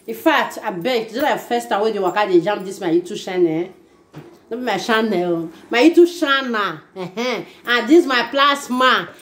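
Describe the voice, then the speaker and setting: A woman with a Nigerian Pidgin English accent, vlogging casually to her channel in an animated way and often repeating herself. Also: medium pitch, moderate pace. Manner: animated, repeats phrases, often asks "you no understand?". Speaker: YouTube vlogger. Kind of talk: casual chat to camera. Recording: echoey room with faint ambient noise.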